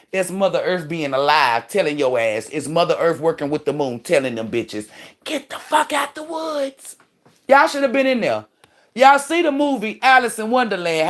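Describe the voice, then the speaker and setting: A woman hosting a livestream in a casual rant. Her voice sits at a middle pitch for a woman. She talks emphatically and preachily, full of swearing. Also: fairly bright tone. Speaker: livestream host and spiritual commentator.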